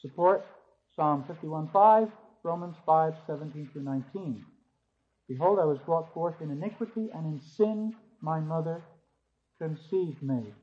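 A man's voice: fairly high pitch, measured pace. A man teaching a theology class, reading scripture aloud and then explaining it point by point, lifting his voice on key words. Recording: muffled lo-fi recording.

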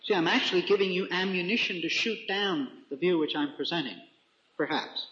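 High-voiced preacher in an echoey room. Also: male voice, pushed and bright. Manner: deliberate, reads scripture slowly with emphasis. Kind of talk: Bible teaching sermon. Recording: echoey room, dull lo-fi sound.

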